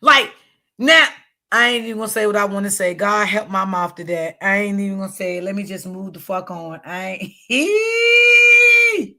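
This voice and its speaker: A woman's voice: medium pitch, fairly even intonation, fairly quick, creaky, bright, forceful tone. A woman commentating on a live stream, blunt and profane, speaking straight to her viewers. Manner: blunt, profane, emphatic, talks straight to the audience. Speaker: online commentator.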